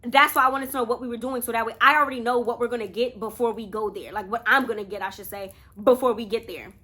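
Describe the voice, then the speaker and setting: A woman's voice: on the high side, fairly even intonation, fast talker, bright, forceful tone. A young woman telling a casual storytime to her viewers, chatty and talking straight to them. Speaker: vlogger.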